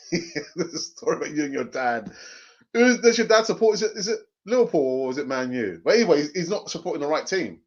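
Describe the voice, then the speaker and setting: Animated man, lo-fi sound. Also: on the high side, fairly quick. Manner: animated, jokey, laughs often, repeats phrases. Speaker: fan channel host reading live chat. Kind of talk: casual live-stream chat. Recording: dull lo-fi sound.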